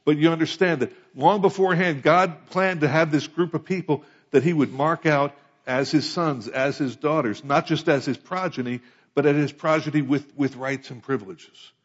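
A man's voice: a little high, normal speed, lo-fi sound. A man from the United States preaching a sermon as pastor, conversational and often asking his listeners questions. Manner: conversational, asks the congregation questions.

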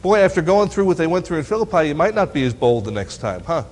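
Talking fast in a fairly high voice, a man leads a Bible lesson for teenagers, reading out verses and firing playful, teasing questions at his listeners. Long hall reverb fills the recording.

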